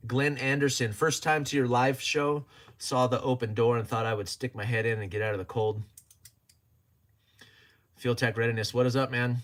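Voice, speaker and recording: A man's voice: medium pitch, fairly even intonation, normal speed, fairly bright tone. A man hosting a casual livestream, chatting and joking as he reads viewer comments aloud and laughs often. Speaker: livestream host.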